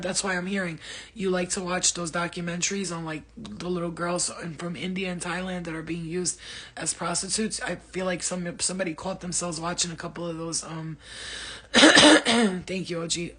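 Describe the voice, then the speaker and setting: A woman's voice: lowish voice, fairly bright tone, breathy edge. A woman hosting a psychic live stream from home, rambling and blunt with frequent swearing, her throat dry. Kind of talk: casual live-stream reading.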